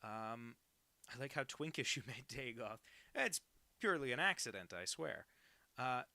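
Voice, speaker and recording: A man's voice: mid-range voice, lively intonation, a little slow, long pauses, bright, forceful tone, no room sound. A young man streaming himself drawing, joking around and reading out chat messages on a home mic setup. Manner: jokey, reads chat messages aloud. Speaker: cartoonist streaming live. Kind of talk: casual livestream chat while drawing. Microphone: home setup, no professional mic.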